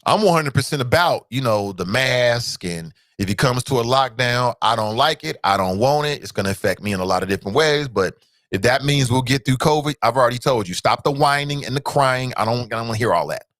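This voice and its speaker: A man hosting a talk show, with a Cincinnati accent. He rants in a bright, forceful voice that swings widely in pitch, firing the same rhetorical question again and again. The sound is dry and close. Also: a little fast, no room sound. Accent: Cincinnati, Ohio. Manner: animated, repeats rhetorical questions, jumps to high exclamations. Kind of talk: fired-up solo commentary.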